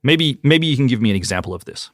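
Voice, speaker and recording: A man's voice: mid-range voice, animated, a bit bright, no room sound. Curious male podcast host, dry sound. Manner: curious, quick follow-up questions. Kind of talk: interview.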